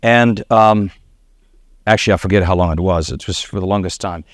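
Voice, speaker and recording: South African pastor telling stories. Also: male voice, deep voice, a little fast, no room sound, studio quality. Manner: storytelling with laughs and acted quotes. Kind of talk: sermon.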